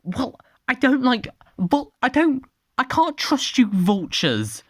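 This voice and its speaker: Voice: high voice, very animated, takes it slowly, no echo, studio quality, pitched above the performer's own voice, full character voice. A storyteller voicing a flustered male ship captain who talks in a rush. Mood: exasperated.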